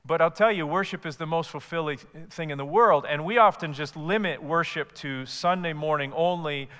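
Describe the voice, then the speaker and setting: A man's voice: on the high side, normal speed, pushed and bright, clean tone, in a large hall. A man preaching a sermon, asking rhetorical questions and building to emphatic repeated lists. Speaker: pastor.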